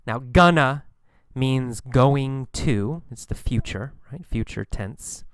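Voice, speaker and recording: A man teaching English vocabulary, explaining slang slowly and patiently, repeating words and examples and acting out lines with sudden bursts of energy. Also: mid-range voice, expressive, smooth, no room sound. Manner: acts out lines and engine sounds with bursts of volume.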